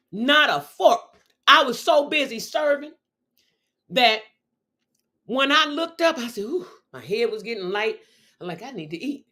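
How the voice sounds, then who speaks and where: A middle-aged woman hosting her own show and chatting casually. She tells her story with exuberant exclamations. Her voice rises and falls across a wide, lively range. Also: medium pitch. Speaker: show host.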